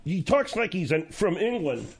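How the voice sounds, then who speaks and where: A man voicing a dim-witted male sidekick in a comedy radio bit, with a high, raspy voice and a goofy, agreeable manner. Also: very animated, moderate pace, full character voice. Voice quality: high, raspy, slightly distant.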